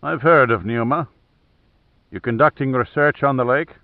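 A man voicing an old, big Irish seaman with a soft Irish accent, speaking tersely. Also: mid-range voice, moderate pace, no room sound, natural voice. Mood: gruff. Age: older. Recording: thin phone-like dry audio.

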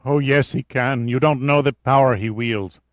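A man voicing a frightened, cowering male henchman who pleads in a high, near-whimpering voice, in a dull lo-fi audiobook recording. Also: steady tone, normal speed, no room sound, close to an everyday voice. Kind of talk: audiobook character voice.

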